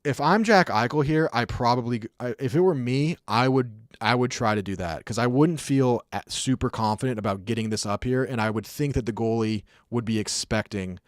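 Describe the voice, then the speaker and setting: A young man chats his way through hockey replays as a streamer, loose and rambling, full of "like" and "um". His voice sits at an ordinary middle pitch. The sound is dry and close, with no room echo. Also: moderate pace, hardly any pauses. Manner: chatty, rambling, acts out sounds, many fillers. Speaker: streamer breaking down hockey clips. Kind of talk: casual commentary.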